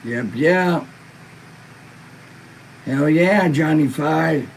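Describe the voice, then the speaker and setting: A man's voice: on the high side, extremely slow, vocal fry, slight background noise, poor audio. A laid-back man hosting a live-stream podcast, stoned and in pain, reading viewer comments in a rambling, profane way. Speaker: livestream podcast host.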